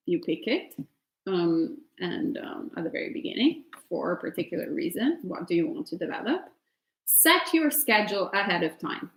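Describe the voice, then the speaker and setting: Italian woman teacher, gravelly voice, chatty and laughing, roomy echo on the recording. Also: lowish voice. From Italy. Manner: chatty, laughs often, many fillers. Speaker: meditation teacher answering questions. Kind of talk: casual Q&A at an online retreat.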